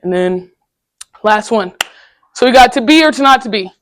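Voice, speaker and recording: A young woman giving a candid, casual personal talk to high school students in a classroom, telling stories in slangy everyday speech. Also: normal speed, a little hiss or hum. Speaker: guest speaker at a high school.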